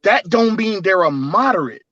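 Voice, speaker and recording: A man's voice: sits high, lively intonation, normal speed, fairly bright tone, no echo, highs cut off. A man speaking emphatically and in a preachy way in a casual online discussion.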